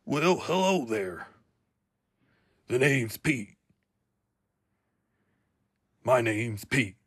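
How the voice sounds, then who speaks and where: A man voicing a big, gruff male cartoon cat in an amateur impression. The voice wavers as he tries to hold it. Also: medium pitch, very animated, drawn-out words, dry recording, clean studio sound, exaggerated voice. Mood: greeting.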